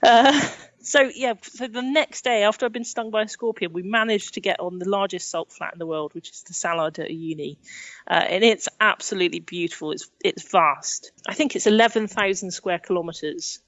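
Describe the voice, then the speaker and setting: A woman's voice: mid-range voice, normal speed, a bit bright, dry recording, lo-fi sound. A young woman from England telling travel stories in a chatty way. She laughs often and acts out the things people said. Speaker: podcast guest, adventurer. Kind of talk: casual storytelling in an interview.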